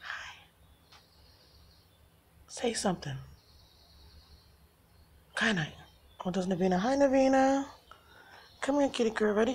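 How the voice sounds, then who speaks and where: A woman's voice: on the high side, expressive, slow, long pauses, a little mellow, slightly rough. A woman filming her cats at home, talking to them in coaxing baby talk and laughing often. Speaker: cat owner filming her pets. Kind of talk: casual home video chat. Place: at home, indoors.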